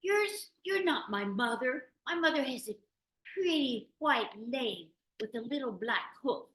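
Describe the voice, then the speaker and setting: A woman voicing two frightened little goat kids in a fairy tale, high, squealing and insistent. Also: expressive, measured pace, fairly bright tone. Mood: scolding. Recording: roomy meeting-room recording.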